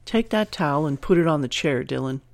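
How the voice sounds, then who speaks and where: A man voicing a commanding dominant woman who gives calm, clipped orders. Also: on the high side, brisk, creaky.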